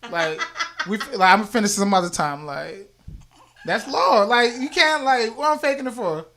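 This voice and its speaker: A young man hosting a casual podcast chat, telling stories in a relaxed way and laughing often. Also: normal speed. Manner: laid-back storytelling, low-key, laughs often. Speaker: podcast host.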